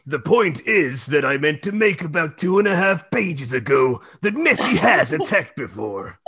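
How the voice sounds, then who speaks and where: A man's voice: fairly high pitch, big pitch swings, normal speed, creaky, sharp tone, husky. A man reading a novel aloud on a comedy podcast, theatrical and giggly.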